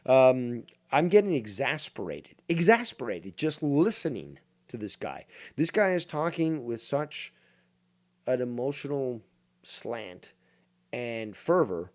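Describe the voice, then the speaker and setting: A man's voice: mid-range voice, big pitch swings, slow. A man in his forties giving profane, mocking live-stream commentary, exasperated and sarcastic. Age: 40s. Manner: mocking, exasperated, swears a lot. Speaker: streamer reacting to a call-in clip.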